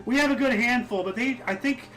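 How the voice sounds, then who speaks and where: High-voiced joking man co-hosting. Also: a little fast, rough recording. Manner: joking, laughs often, reads out dates. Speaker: podcast co-host. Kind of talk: casual history chat.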